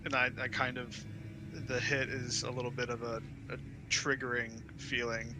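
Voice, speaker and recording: A man's voice: medium pitch, level tone, normal speed, noisy background. A man playing a tabletop game, hesitantly describing his character's actions. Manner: hesitant, full of "like" and "kind of". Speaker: player.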